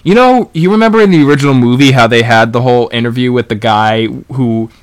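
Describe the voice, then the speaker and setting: A young man in casual chat as a podcast co-host, rambling and animated, restarting sentences as he retells scenes. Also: mid-range voice, quick pace, smooth. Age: young adult.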